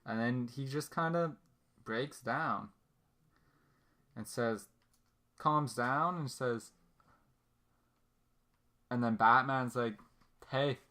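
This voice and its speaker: A man co-hosting a casual podcast, retelling a story in an easygoing, unhurried way. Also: medium pitch. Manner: retells the story at a slow, relaxed pace. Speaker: podcast co-host.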